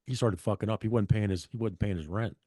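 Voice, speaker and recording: A man's voice: on the low side, fast, warm tone, husky, dry recording, studio quality. A middle-aged man guest telling stories in a blunt, profane, rambling way, often restarting his sentences. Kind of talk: casual storytelling.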